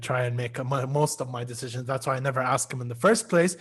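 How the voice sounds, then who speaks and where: A man's voice: mid-range voice, rapid-fire, breathy edge. A young adult man hosting a casual chat, laid-back and laughing often as he tells stories about his family. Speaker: host.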